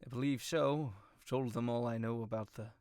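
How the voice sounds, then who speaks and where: A man voicing a hesitant middle-aged king in a tabletop game, speaking softly. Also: mid-range voice, fairly even intonation, brisk, clean tone, no echo, studio quality, lightly acted. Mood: unsure.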